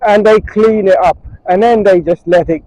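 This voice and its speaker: A man's voice: sits high, moderate pace, dark tone, poor audio. A man vlogging as he walks outdoors on a beach, making casual, musing remarks picked up by a chest-mounted action camera's built-in mic. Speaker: travel vlogger. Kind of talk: casual walking commentary. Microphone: chest-strapped action camera internal mic in a waterproof case.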